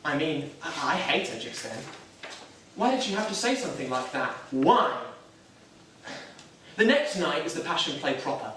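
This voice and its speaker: A man's voice: fairly high pitch, sing-song, normal speed, pauses often, sharp tone, a little hiss or hum. A young man playing a nervous self-doubting churchgoer. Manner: hesitant, self-deprecating, wry. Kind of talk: stage drama monologue. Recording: echoey room, mic far off.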